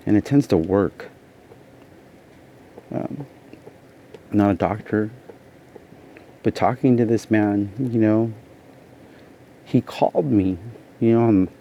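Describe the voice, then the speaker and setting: Tired low-voiced man rambling. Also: warm tone. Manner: rambling, says "you know" constantly. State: tired from lack of sleep. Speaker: vlogger. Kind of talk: casual personal storytelling. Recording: dull lo-fi sound with faint noise.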